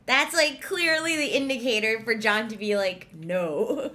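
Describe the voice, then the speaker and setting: A woman's voice: fairly high pitch, animated, moderate pace, bright, forceful tone. A woman co-hosting a casual podcast chat, playful and teasing, laughing often. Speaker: podcast co-host.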